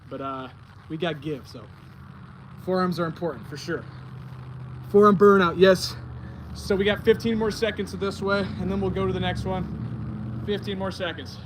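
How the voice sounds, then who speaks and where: A man's voice: high-pitched, moderate pace, noisy background. A young man livestreaming his baseball workout outdoors, out of breath, talking in a laid-back, slangy way. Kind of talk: casual livestream workout talk. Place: outdoors on grass.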